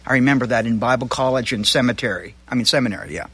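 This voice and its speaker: A male pastor preaching a sermon in a conversational way, with asides and quick self-corrections. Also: mid-range voice, a bit bright.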